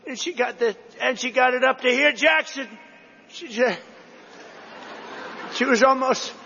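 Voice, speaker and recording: A man's voice: very high voice, unhurried, gravelly, bright, forceful tone, in a large hall, muffled recording, slight background noise. A man giving a rambling, repetitive rally speech, drifting between stories. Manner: rambling, digressive, repetitive storytelling to a crowd. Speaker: political speaker at a rally.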